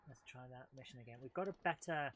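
A man's voice: medium pitch, fast talker, a bit bright. A man streaming a game live, chatting playfully with viewers and joking as he plays. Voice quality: playful, jokey, puts on silly voices. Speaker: let's play streamer. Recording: noisy game audio behind. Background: game sounds and gunfire.

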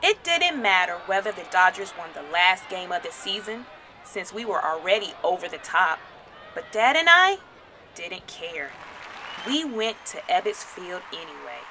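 A woman reading a children's picture book aloud in an expressive storytelling style, raising her voice for the crowd's chants. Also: on the low side, normal speed, slight background noise. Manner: dramatic, shouts crowd chants.

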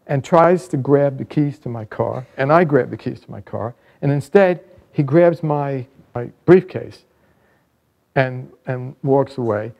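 A man in his sixties, an author and founder, telling a lively personal anecdote in a book trailer. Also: medium pitch, creaky. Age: 60s. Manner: lively, vivid anecdote telling with bursts of excitement. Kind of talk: storytelling narration in a book trailer.

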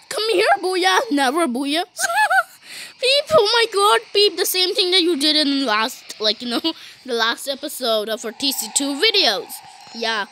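A woman's voice: very high-pitched, noisy background. A woman giving playful gameplay commentary, bantering with cartoon characters, giggling and saying "beep" in place of swear words. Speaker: gaming YouTuber.

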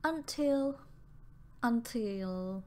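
A woman reading the part of an anxious, pale young woman who pleads in a halting, breathless way, repeating her words. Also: medium pitch, very animated. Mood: fearful, pleading.

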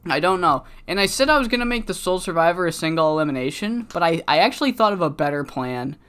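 A man's voice: a little high, animated, fast, fairly bright tone, clean tone. A man commentating on his game in a rambling, profane casual style, his voice cracking from being sick. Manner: rambling, profane, many fillers. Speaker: let's-play commentator.

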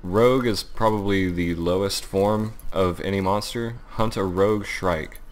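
A young man giving let's-play commentary, thinking aloud and reacting excitedly as he plays. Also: low-pitched, a little slow. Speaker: gaming channel host.

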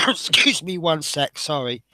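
A man's voice: on the high side, big pitch swings, slow pace, sharp tone, a little hiss or hum. A man chatting casually as he builds a scale model, rambling and often breaking off mid-sentence. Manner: chatty, rambling, self-interrupting.

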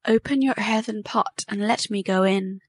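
A woman voicing a gentle little male grey snake in a storybook, speaking calmly and reassuringly. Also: medium pitch, moderate pace, no echo, natural voice. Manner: calm, reassuring storybook dialogue.

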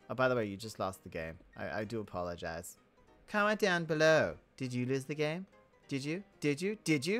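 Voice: mid-range voice, a bit bright. A video game creator giving casual, rambling commentary full of jokes and self-interruptions while building. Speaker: Minecraft let's play creator.

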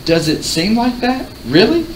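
A man reading aloud, voicing a curious, dreamy seventeen-year-old girl who speaks in a soft, wondering way. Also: very high-pitched, big pitch swings, unhurried, pitched above the performer's own voice, exaggerated voice. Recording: roomy, distant mic, faint hiss.

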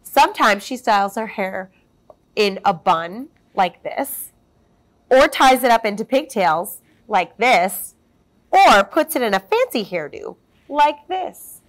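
A woman reading a children's storybook aloud as storyteller, expressive and sing-song. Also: on the high side, takes it slowly.

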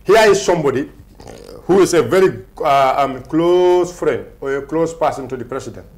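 A Gambian-accented man with a high voice speaks as a protest spokesman in an interview. He presses his points insistently, repeats words and cuts across the other speaker. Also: animated, normal speed. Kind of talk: heated interview answers.

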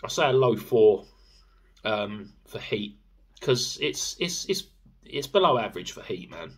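A man's voice: on the low side, sing-song, unhurried, husky. A young man chatting casually in a sauce review vlog, rambling with fillers and swearing freely. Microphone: camera mic.

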